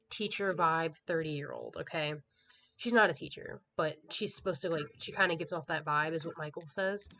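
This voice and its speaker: A woman's voice: lowish voice, fairly bright tone. A woman reviewing a book in a casual vlog, recapping the plot in a rambling way with lots of filler words and an exasperated, dismissive tone. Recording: dull lo-fi home recording with faint hiss.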